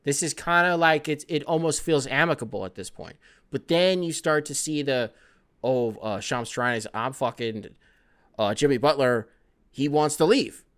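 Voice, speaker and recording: Host for a sports podcast: man, smooth clear voice, loose and profane, riffs and jokes. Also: fairly high pitch, normal speed, a bit bright. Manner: profane, rambling, joking, mocks athletes with put-on voices. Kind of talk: casual sports podcast monologue.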